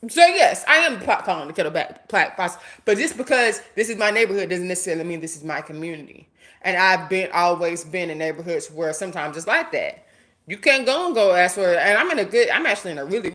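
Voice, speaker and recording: A woman live streaming, ranting casually and bluntly to her viewers, talking to the chat and swearing freely. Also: fairly low pitch. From United States. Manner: blunt, animated, talks straight to viewers and chat. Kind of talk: casual livestream rant.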